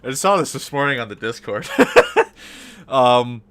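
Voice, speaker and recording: Brief: male streamer, casual talk, muttering while hunting through tabs, clear voice. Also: mid-range voice, animated, brisk, fairly bright tone. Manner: mumbling to himself while searching on screen. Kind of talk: casual livestream chat.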